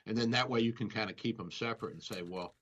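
A man's voice: lowish voice, quick pace, fairly bright tone. A man hosting a radio show as a doctor, in casual banter, rambling and telling stories with chuckles. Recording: dull lo-fi radio audio.

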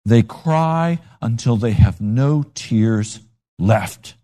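A man's voice: medium pitch, drawn-out words. A man preaching a sermon, telling stories and acting out the voices in them. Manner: animated storytelling with acted-out voices.

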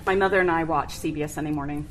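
A woman's voice: low voice, fairly bright tone, low-quality recording. Woman, host, casual questions, giggly, faint background noise. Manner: giggly, chatty. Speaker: radio host.

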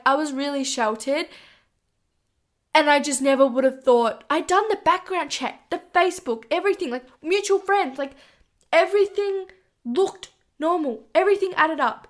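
High-voiced sweary woman. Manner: candid, sweary, animated. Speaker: podcast host. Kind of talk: casual storytelling.

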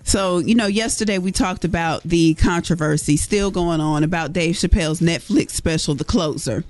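A man co-hosting morning radio, chatty and quick to laugh while recapping the news. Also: fairly high pitch, a little mellow, faint music behind. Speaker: radio co-host. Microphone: studio microphone.

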